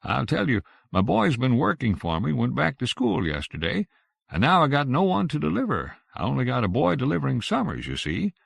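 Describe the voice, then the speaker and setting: Loud, firm small-town grocer, put on by a male audiobook narrator; gravelly, dry studio read. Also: medium pitch, huge pitch swings, a little fast, dry recording, voice pushed up, full character voice. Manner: suspicious, loud and firm on the phone. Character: gruff rural male country grocer.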